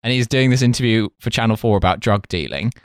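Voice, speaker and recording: A man's voice: lowish voice, animated, fast, clean tone, no room sound, clean studio sound. Man telling a story in casual chat. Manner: rambling, swears, mimics voices. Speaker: podcast co-host.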